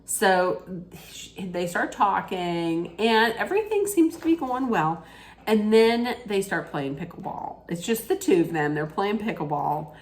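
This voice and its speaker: A woman's voice: mid-range voice, animated, unhurried. A woman giving a chatty, opinionated, rambling rant-style recap of a reality TV episode.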